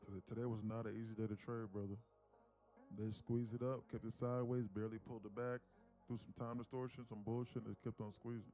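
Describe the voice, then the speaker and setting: A man's voice: lowish voice, little pitch movement, fast, dark tone. A man talking bluntly and profanely in a rambling way while day trading on a live stream. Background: music.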